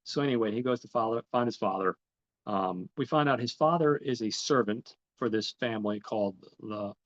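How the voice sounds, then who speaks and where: A man hosting a podcast, recapping a film in a rambling way with many ums and restarts. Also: medium pitch. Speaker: podcast host. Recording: slightly dull, lo-fi recording.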